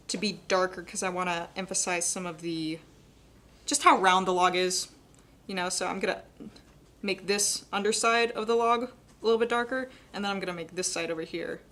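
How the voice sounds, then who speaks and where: A young adult woman giving a live painting demonstration, talking quickly and chattily and laughing often. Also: lowish voice, fairly bright tone. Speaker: painting instructor.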